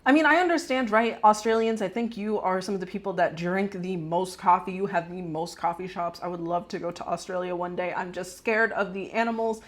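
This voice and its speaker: Brief: woman host, lower pitch, casual opinionated commentary, conversational asides. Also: brisk, hardly any pauses. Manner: chatty and opinionated, frequent "right?" asides.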